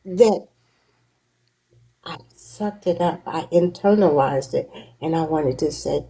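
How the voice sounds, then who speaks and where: Woman host, slow reflective storytelling, unhurried pace, warm mellow tone. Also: low voice, low-quality recording. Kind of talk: casual conversation.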